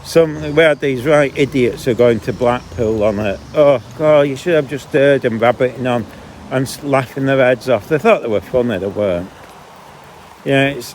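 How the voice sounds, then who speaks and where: Brief: chatty man, mid-pitched, vlogging outdoors while walking dogs, with faint noise behind. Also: darkish tone. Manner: chatty, grumbling, breaks off mid-sentence. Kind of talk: casual walking vlog monologue. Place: outdoors on a canal towpath.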